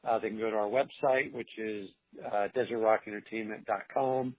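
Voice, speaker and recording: A man's voice: lowish voice, steady tone, fairly quick, no room sound. A man speaking as an interview guest, talking in an earnest, encouraging way. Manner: earnest, encouraging, faith-driven. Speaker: interview guest, film producer. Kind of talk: casual interview talk. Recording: dull, lo-fi remote audio.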